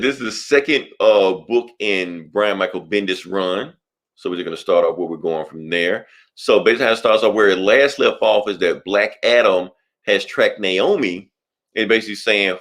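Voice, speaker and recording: Podcast guy recapping a comic, low voice, loose and profane. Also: normal speed, a bit bright. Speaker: podcast co-host. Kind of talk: casual comic book review chat.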